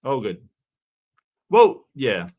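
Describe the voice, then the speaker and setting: An Australian man hosting a casual livestream commentary, easygoing and halting, often stammering and repeating words. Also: mid-range voice, huge pitch swings, warm tone, lo-fi sound. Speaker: commentary host.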